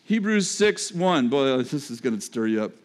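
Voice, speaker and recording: A man preaching a sermon in a conversational way, with joking asides and sudden drops to a low register. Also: sing-song, moderate pace, slight background noise. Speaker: pastor.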